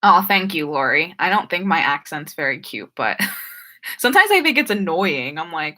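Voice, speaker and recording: A woman's voice: lowish voice, lively intonation, moderate pace, sharp tone. A young woman with a New Jersey and Philadelphia accent, chatting casually while she answers viewer questions on a live stream. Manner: chatty, frequent "like" and "um", trips over words. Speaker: YouTuber hosting a live stream Q&A.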